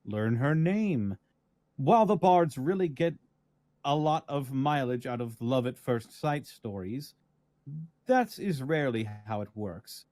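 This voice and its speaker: A man voicing a loving, gentle advice-giving lady, reading her reply letter in an earnest, lilting way. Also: on the high side, no echo.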